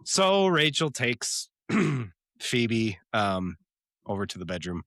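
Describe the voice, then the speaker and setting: Animated man recapping a sitcom episode. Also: mid-range voice, slow pace, no echo, clean studio sound. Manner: animated retelling with laughs and fillers. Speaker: podcast co-host. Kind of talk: casual chat recapping a TV episode.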